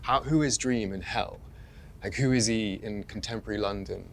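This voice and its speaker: A male actor on a panel, animated and playful as he talks about his role. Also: lowish voice, moderate pace, vocal fry, slight background noise. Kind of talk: panel discussion.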